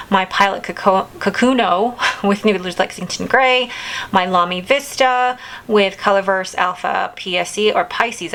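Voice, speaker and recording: A woman's voice: medium pitch, fairly bright tone, low-quality recording. A woman in her thirties hosting a casual video, chatting enthusiastically and rambling a little as she talks through her things. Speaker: vlog host. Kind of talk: casual chat.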